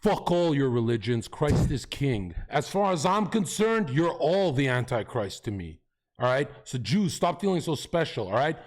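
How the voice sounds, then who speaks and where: A man's voice: mid-range voice, sing-song, moderate pace, a little mellow. A man in a heated livestream debate, talking in a brash, provocative, profane way.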